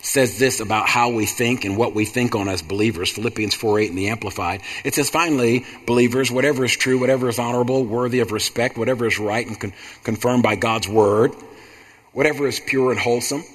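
A man's voice: medium pitch, fairly quick, breathy edge. Preaching man in a reverberant hall. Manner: repetitive preaching cadence, rising to emphatic bursts. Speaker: pastor. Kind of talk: sermon.

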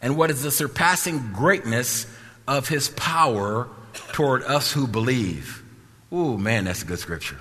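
A male preacher, preaching a sermon in a shouting, sing-song style with bursts of laughter. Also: medium pitch, animated, a little slow, breathy edge, long reverb tail.

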